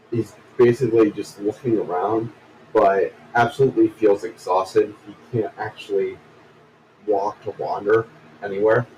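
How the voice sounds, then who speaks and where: A man playing in a tabletop game, describing his character's actions slowly and unsurely. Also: on the low side, a little mellow. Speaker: player. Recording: distant mic with faint noise.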